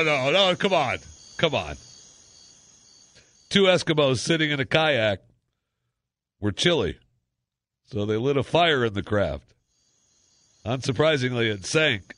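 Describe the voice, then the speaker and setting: A man's voice: medium pitch, no echo. A man hosting a talk radio show, joking around in a casual monologue with lots of fillers. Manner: jokey, animated, lots of fillers. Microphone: studio microphone.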